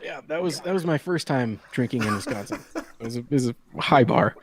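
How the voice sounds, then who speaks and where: A man's voice: medium pitch, animated, brisk, a crowd in the background. A man in his thirties telling a long story to friends in a casual chat, laughing often and acting out the people he quotes. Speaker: podcast host.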